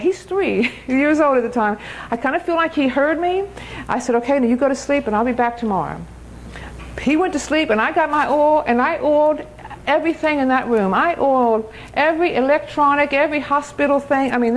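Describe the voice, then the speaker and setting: An older woman giving an emphatic testimony sermon at a church, laughing often and slowing down on key phrases. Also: high voice, a little hiss or hum, low-quality recording. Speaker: speaker at a church.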